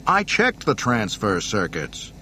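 A man's voice: fairly low pitch, wildly swooping pitch, takes it slowly, bright, forceful tone, a little hiss or hum, heavily acted. A man voicing a cocky, brash male starship captain who barks orders. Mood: commanding. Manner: barking orders, defensive.

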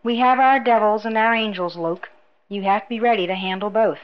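A woman reading a composed young princess who speaks in a calm, matter-of-fact way. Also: mid-range voice, fairly quick, lo-fi sound, natural voice.

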